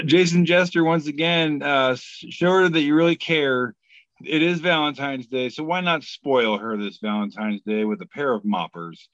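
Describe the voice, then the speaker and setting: A man's voice: medium pitch, dry recording, muffled recording. A man hosting a podcast, reading memes aloud in casual, profane comedic chat. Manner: laid-back, profane, breaks into sung bits.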